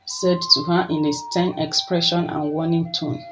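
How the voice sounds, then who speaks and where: A storyteller giving scripted folktale narration in a measured, steady way. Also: mid-range voice, dull audio. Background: soft music.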